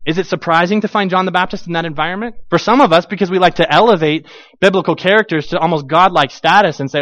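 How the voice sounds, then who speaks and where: A man preaching a conversational sermon as a pastor, animated, acting out quoted voices with frequent restarts. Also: high voice, quick pace, no echo, poor audio.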